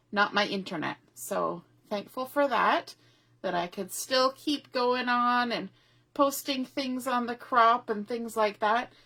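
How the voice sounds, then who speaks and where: Chatty woman, slow and bright. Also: a little high. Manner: chatty and rambling, greets viewers by name, laughs often. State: out of breath. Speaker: craft demonstrator hosting a live online crop. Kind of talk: casual live-stream craft demo. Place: home craft room at a table.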